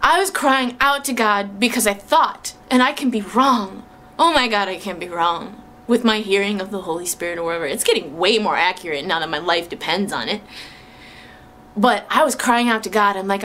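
A woman's voice: medium pitch, normal speed, bright, forceful tone. A woman sharing an emotional, exclamatory faith testimony, with music underneath. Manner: emotional, exclamatory, tearful at moments. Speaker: Christian speaker sharing testimony.

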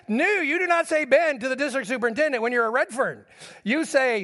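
A middle-aged man with a notably high voice preaches to his congregation, telling stories from his own life. His words ring out with a long reverb in a large church hall. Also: moderate pace, a bit bright. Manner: storytelling preacher addressing the congregation directly. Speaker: pastor. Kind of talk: sermon.

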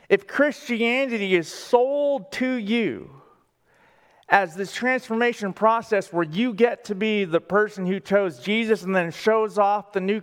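A man preaching a sermon as pastor, speaking deliberately and with emphasis, asking the congregation questions in a church sanctuary. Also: high voice. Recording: long reverb of a large hall.

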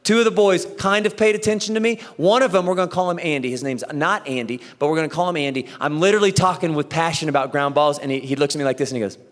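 A man in his thirties preaching a sermon, telling a story with lively acted-out dialogue. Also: a little high, quick pace, few pauses. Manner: animated storytelling, acts out dialogue. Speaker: pastor. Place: church auditorium. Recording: echoey church hall.

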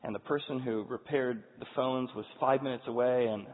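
A man's voice: mid-range voice, fairly even intonation, moderate pace. A man in his forties speaks to an audience, telling an earnest personal story with frequent restarts. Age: 40s. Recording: tinny, echoey hall sound.

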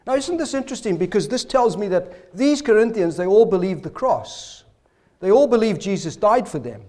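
A man preaching a sermon with rhetorical questions, hoarse, his voice failing and breaking into coughs. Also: sits high, a little mellow. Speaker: pastor.

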